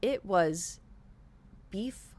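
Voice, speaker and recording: A young woman streamer telling a rambling story to her chat, animated, with lots of "like" and acted-out quotes. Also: medium pitch, drawn-out words. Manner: animated, rambling, heavy use of "like", acts out quoted speech.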